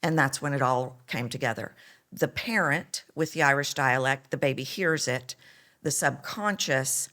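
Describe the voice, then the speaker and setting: A middle-aged Texan woman with a very deep voice speaks at a measured pace. She's a voice coach telling her story animatedly in an interview, acting out the lines she quotes.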